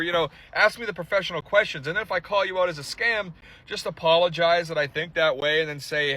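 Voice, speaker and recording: A man tells a story straight to camera in a loose, casual vlog. His voice is bright and forceful and sits a little high, and he is animated and profane. He acts out both sides of a phone call as he goes. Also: fairly quick. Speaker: social media storyteller.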